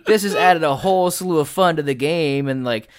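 A man's voice: fairly high pitch, moderate pace, crowd noise. A man who runs tabletop games, chatting casually as a podcast guest and telling rambling, filler-heavy stories with some swearing. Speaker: game master and podcast guest. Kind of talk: casual interview chat.

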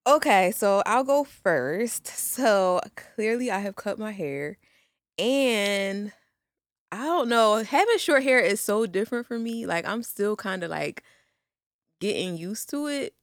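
A woman in her twenties talks loosely and casually as a podcast co-host, full of slangy asides. Her voice sits at an ordinary middle pitch. She is recorded dry and close, with no room sound. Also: animated, takes it slowly, no room sound. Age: 20s. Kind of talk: casual chat.

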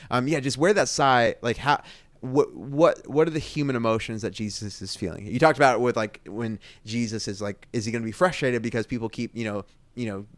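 A man talking through a Bible passage in a casual discussion, thoughtful and halting, with many restarts. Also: medium pitch, fairly even intonation, dry recording.

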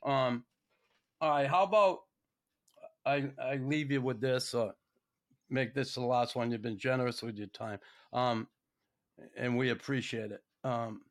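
A man's voice: mid-range voice, a little slow, pauses often. A man with a Boston accent hosting a podcast interview, asking questions in a laid-back, rambling way. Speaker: podcast host.

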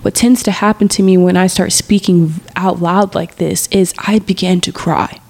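Woman, lowish voice, earnest, heartfelt, reflective monologue, podcast host, soft whispers at times. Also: steady tone, normal speed.

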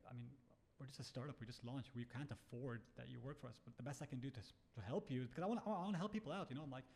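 A man's voice: medium pitch, very fast, gravelly, a little mellow. A man, a startup founder, telling a story in casual chat, acting out quotes and swearing freely. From Bahrain.

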